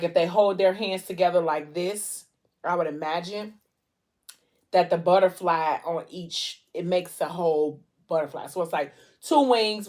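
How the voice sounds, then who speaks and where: A woman vlogger casually retelling a long story between bites, chatty and slangy, with lots of "like" and "um". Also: fairly low pitch. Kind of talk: casual storytelling during a mukbang.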